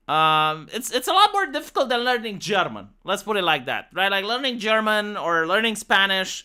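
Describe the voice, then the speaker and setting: Romanian streamer, Romanian accent, profane and rambly, lively bright voice. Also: medium pitch. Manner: rambling, profane, jokey, with frequent fillers and restarts. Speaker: live streamer. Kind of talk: casual live-stream chat answering viewers.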